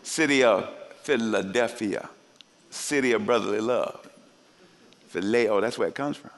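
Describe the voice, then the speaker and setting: A man preaching a sermon, animated and joking with the congregation, often jumping into high voices to act out quoted people. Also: unhurried. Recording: long hall reverb.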